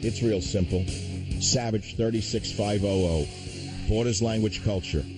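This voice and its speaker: A man's voice: on the low side, moderate pace, music in the background, low-quality recording. A man hosting a political talk radio show, ranting in a combative, insulting manner.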